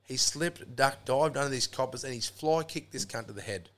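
Aussie bloke telling a yarn, swears heaps, rambles on, says mate a lot. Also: male voice, medium pitch, moderate pace, fairly bright tone. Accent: Australian. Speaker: podcast guest. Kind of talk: casual storytelling.

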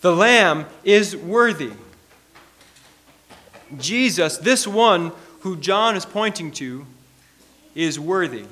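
A man with a noticeably high-pitched voice delivers a sermon. He preaches earnestly, leaning on key words and slowing down for emphasis. He also reads scripture aloud to his listeners. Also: expressive, sharp tone. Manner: earnest, emphatic preaching with slowed, stressed phrases.

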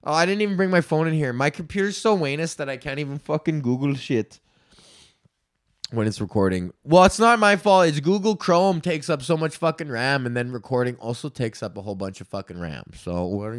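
A man's voice: a little high, animated, brisk, no room sound, studio quality. Rambling profane man in his thirties. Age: 30s. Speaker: podcast host. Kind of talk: solo podcast rant.

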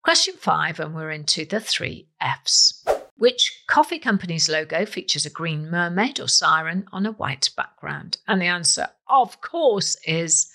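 Lively woman hosting a quiz. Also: fairly low pitch, unhurried, vocal fry. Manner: playful, emphatic, lively delivery. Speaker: quiz host. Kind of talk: scripted quiz podcast presenting.

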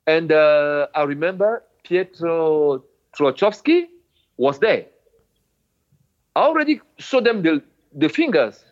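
A man, a former footballer, recounting his memories in an interview in halting non-native English. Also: a little high, expressive. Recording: dull lo-fi sound.

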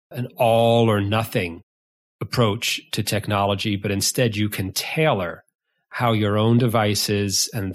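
A man hosting a podcast, giving an earnest, measured solo introduction that explains an idea step by step. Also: lowish voice. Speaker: podcast host.

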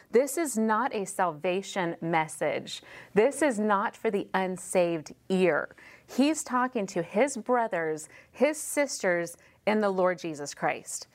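An animated woman teaches a women's Bible study, with a mid-range voice and an emphatic, repeating delivery. She speaks live in a room at a church building and wears a personal mic. She breaks into quoted dialogue as she goes. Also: mid-range voice. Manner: emphatic, repeats key phrases. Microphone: wearing a personal mic.

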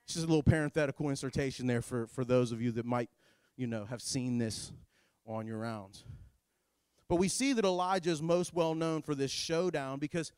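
A man preaching a sermon in a sarcastic, animated, jokey way. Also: mid-range voice, moderate pace, clear, resonant tone, no room sound. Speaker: pastor.

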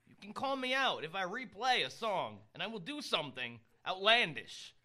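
A man with a high, bright voice and a slight lisp, chatting casually as a podcast co-host. His pitch swings widely as he rambles, restarting sentences and poking fun at himself. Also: very animated, moderate pace. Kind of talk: casual chat.

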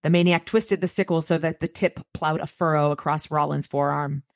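A woman podcast co-host retells a book chapter in a loose, conversational way, then discusses it. Her voice is low and gravelly, with plenty of vocal fry. The recording is dry and close to the mic. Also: steady tone, normal speed, no room sound.

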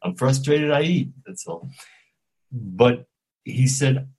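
An older man, an actor telling lively anecdotes in an interview, chuckling and acting out the dialogue. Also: medium pitch, takes it slowly, low-quality recording. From Brooklyn, New York. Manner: animated, acts out dialogue, chuckles often.

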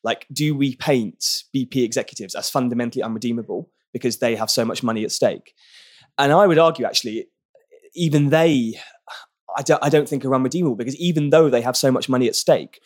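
A man's voice: medium pitch, brisk, darkish tone. A man from Britain being interviewed on a podcast, speaking earnestly and thoughtfully with frequent restarts. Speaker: barrister and activist guest.

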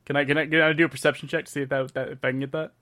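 A man playing a tabletop game who talks quickly and stammers in repeats. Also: fairly high pitch, level tone, bright, forceful tone. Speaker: player.

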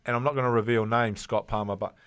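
A man's voice: mid-range voice, fairly even intonation, fast, fairly bright tone, clean tone. A man with a New Zealand accent, a former rugby player co-hosting a casual podcast and telling stories. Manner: storytelling, laughing a lot. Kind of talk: casual chat.

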